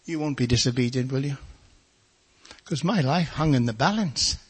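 A man's voice: mid-range voice, expressive, normal speed, breathy edge. An older man preaching and telling his life story in a folksy storytelling manner, acting out other people's voices. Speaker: preacher giving his testimony. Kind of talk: testimony sermon.

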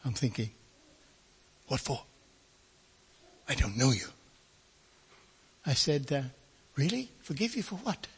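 A man's voice: mid-range voice, sing-song, slow, pauses often, slight background noise. An older man preaching and telling his life story in a folksy storytelling manner, acting out other people's voices. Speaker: preacher giving his testimony. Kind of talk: testimony sermon.

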